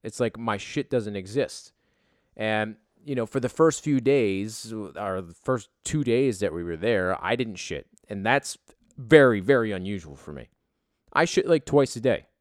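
A man's voice: fairly low pitch, expressive, measured pace, no room sound, clean studio sound. A man telling a rambling travel story in a profane, self-deprecating, casual way.

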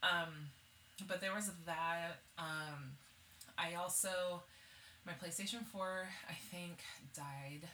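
A young woman co-hosting a casual podcast chat, an animated storyteller who laughs often and raises her voice acting out scenes. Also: lowish voice, takes it slowly. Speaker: podcast co-host. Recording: echoey room with faint noise.

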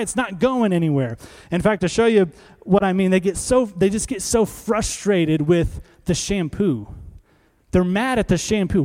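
A male pastor preaching a sermon in a conversational, animated way, acting out little scenes. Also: high-pitched.

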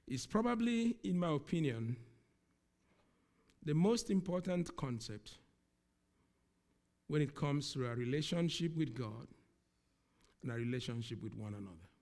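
A man preaching a sermon, speaking slowly and with emphasis, often repeating key words. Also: medium pitch, lively intonation, darkish tone.

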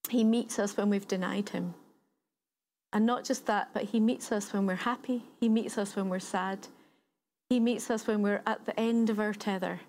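A woman's voice: mid-range voice, steady tone, moderate pace, a little mellow, slight background noise. A woman giving a sermon, retelling a story in a conversational way and building points through repetition. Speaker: preacher.

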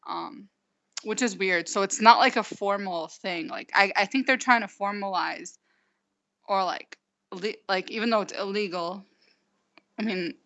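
A woman in her twenties from the United States, recounting events in a halting way with many fillers and restarts. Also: medium pitch, a bit bright. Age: 20s. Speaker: interview guest. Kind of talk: casual recounting. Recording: dull lo-fi recording.

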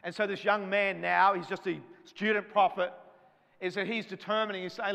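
A man's voice: high-pitched, level tone, moderate pace, gravelly, bright, forceful tone. Fervent male preacher in a reverberant hall. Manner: fervent preaching with repeated refrains. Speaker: pastor. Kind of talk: sermon.

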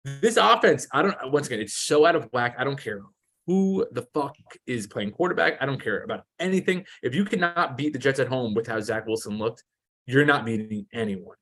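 A man co-hosting a casual sports betting podcast, animated and profane as he rants about play-calling. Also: medium pitch, a little fast.

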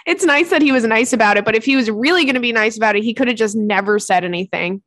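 A young woman hosting a podcast in casual chat, talking fast and swearing, laughing often and breaking into high squeals. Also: a bit bright, no echo. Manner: chatty, profane, laughs often, bursts into squeals. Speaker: podcast host.

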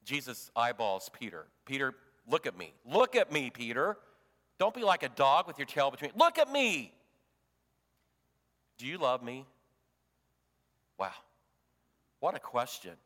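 A man preaching a sermon as pastor, swinging from loud emphasis to hushed tones. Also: mid-range voice, sing-song, moderate pace, big-room sound.

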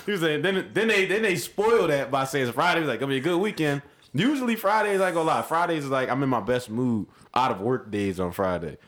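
A man co-hosting a casual chat, animated and laughing as he mimics people's repeated greetings. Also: medium pitch, quick pace, hardly any pauses. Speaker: podcast co-host.

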